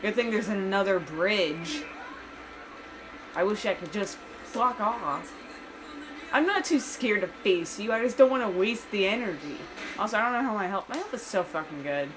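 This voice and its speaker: A woman's voice: medium pitch, animated, normal speed, noisy background. Young woman, profane and outspoken, casual let's play commentary.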